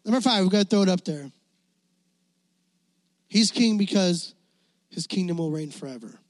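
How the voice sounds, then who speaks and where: A man preaching a sermon as youth pastor, impassioned and climbing toward near shouting. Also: sits high, expressive, normal speed, dry recording.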